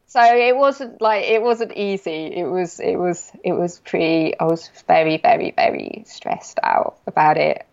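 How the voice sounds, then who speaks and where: A woman with a low, gravelly voice recounts stories in a relaxed interview and acts out the quoted back-and-forth. She laughs often. The recording sounds dull and lo-fi. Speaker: guest, designer and illustrator. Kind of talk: casual interview storytelling.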